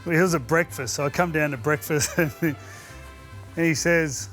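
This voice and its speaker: A man's voice: a little high, normal speed, fairly bright tone, soft background music. A middle-aged Australian man telling rowdy anecdotes in casual chat, laughing as he goes. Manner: laughs through his anecdotes. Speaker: podcast co-host, former player. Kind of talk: casual storytelling.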